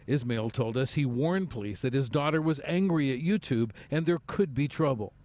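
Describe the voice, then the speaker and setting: A man delivering a measured, formal news field report outdoors on a residential street. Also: medium pitch, a little mellow, a little hiss or hum.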